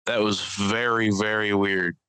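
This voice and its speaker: A man telling rambling, profane stories in a loose podcast chat, often laughing at his own tales. His voice is bright and forceful, smooth and crisp, recorded dry and close. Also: fairly low pitch, level tone, unhurried, no echo, rough recording. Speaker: podcast host and stand-up comedian. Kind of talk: casual storytelling chat.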